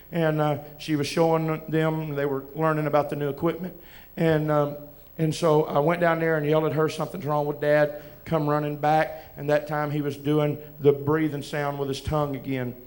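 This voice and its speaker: A man with a Southern US accent, preaching as he tells a halting, emotional testimony with many restarts. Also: a little high. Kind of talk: testimony from the pulpit.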